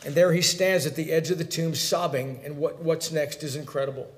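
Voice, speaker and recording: A man preaching a sermon, dropping to a hush and then rising into emphatic, fervent passages. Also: on the high side, fairly quick, roomy sound. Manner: swings from hushed to emphatic. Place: church sanctuary.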